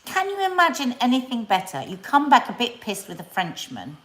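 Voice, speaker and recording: A woman's voice: a little high, wildly swooping pitch, fairly quick, fairly bright tone. A middle-aged English woman with an English accent, co-hosting a casual chat, telling a story and playfully scolding her partner. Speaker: co-host. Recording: roomy echo, faint noise.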